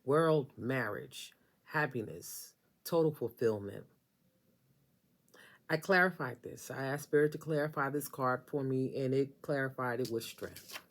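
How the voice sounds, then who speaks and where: A woman with a very deep voice does a casual tarot reading, talking a little slowly. She speaks right to the listener with sass and emphasis, often repeating phrases for effect.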